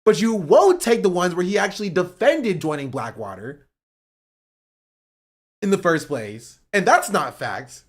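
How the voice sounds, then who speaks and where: A man ranting on a livestream about politics. He swears, says "bro" and repeats himself, swinging between loud outbursts and muttering. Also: high voice, sing-song, measured pace. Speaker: streamer. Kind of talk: heated political rant on a livestream.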